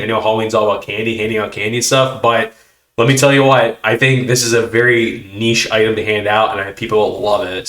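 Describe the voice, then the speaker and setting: A man hosting a casual chat, telling stories with animated voices for the people in them. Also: on the low side, roomy sound. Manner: animated storytelling, acting out kids' reactions. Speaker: host.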